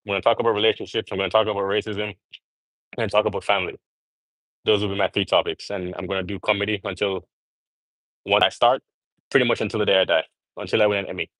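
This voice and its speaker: A man's voice: fairly low pitch, steady tone, quick pace, pauses often, a bit bright, no room sound, poor audio. A young man rambling earnestly to viewers as he livestreams during a gym workout. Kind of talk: casual live-stream chat.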